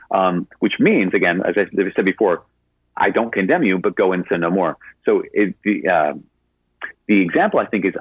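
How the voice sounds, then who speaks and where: A man's voice: low voice, breathy edge, no room sound. A man, a Catholic priest, answering a caller on a radio show and telling stories in a conversational way, with many fillers. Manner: conversational storytelling with frequent fillers. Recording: narrowband radio broadcast sound.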